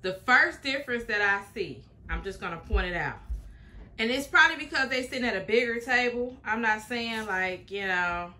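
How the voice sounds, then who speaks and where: A woman's voice: a little high, expressive, normal speed, sharp tone. A woman hosting a reaction video, commenting in a chatty, emphatic way and repeating her points. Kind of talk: casual commentary.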